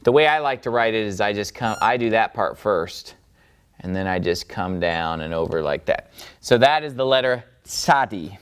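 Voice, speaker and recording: A man's voice: lowish voice, lively intonation, moderate pace, smooth. A man teaching a Biblical Hebrew lesson step by step at a board, patiently checking in with his students. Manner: patient, checks in with "okay?" and "all right?".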